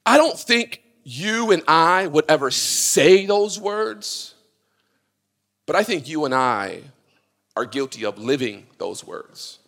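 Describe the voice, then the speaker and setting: A man preaching a sermon with passion, swinging from loud cries to hushed pleading. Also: on the high side, sing-song, slow pace, creaky, long reverb tail. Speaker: pastor.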